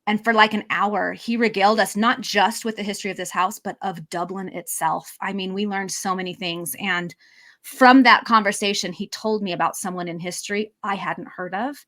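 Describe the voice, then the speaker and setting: A woman's voice: mid-range voice, fairly even intonation, moderate pace, fairly bright tone. A woman co-hosting a podcast, telling a travel story in an enthusiastic, reflective way. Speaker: podcast co-host. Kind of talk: casual storytelling.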